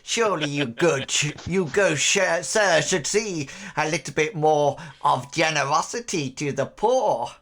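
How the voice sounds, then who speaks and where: A man's voice: fairly high pitch, lively intonation, a little slow, few pauses, fairly bright tone. A man voicing a filthy, toothless, one-eyed old hag with a crackling old voice in a tabletop game. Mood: wheedling.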